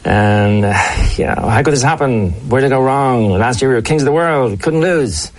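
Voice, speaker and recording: A man hosting a sports radio show in a comedy sketch, talking hesitantly, with many fillers and pauses. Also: mid-range voice.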